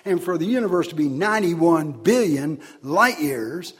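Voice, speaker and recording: A man preaching a sermon, swinging between loud, emphatic declarations and quiet asides. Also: on the high side, expressive, moderate pace, slightly rough.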